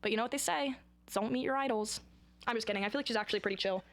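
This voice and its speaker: A young woman chats straight to camera in a loose, rambling vlog. Her voice sits a little high, and she gets excitable and dramatic as she talks. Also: very fast. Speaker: vlogger. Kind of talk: casual chatty vlog.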